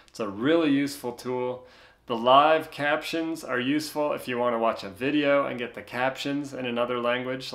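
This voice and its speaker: An American man hosts a casual how-to, walking viewers through phone features. He speaks in a relaxed, chatty way at a mid pitch. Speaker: tech tutorial host.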